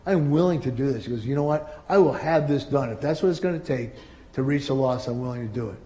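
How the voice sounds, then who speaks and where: A middle-aged male pastor preaching a sermon, swinging between loud emphatic peaks and quiet asides. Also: medium pitch, fast.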